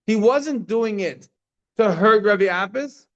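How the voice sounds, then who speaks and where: A man's voice: high-pitched, animated, unhurried, lo-fi sound. A man teaching a daily Talmud class, explaining the text informally with frequent fillers and restarts.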